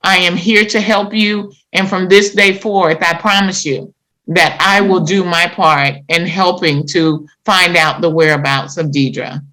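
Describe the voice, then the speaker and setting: Give me a woman host speaking slowly and earnestly, with a bright, forward tone. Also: on the low side, steady tone, poor audio. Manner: earnest, measured, compassionate. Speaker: podcast host. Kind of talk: slow, earnest appeal and interview.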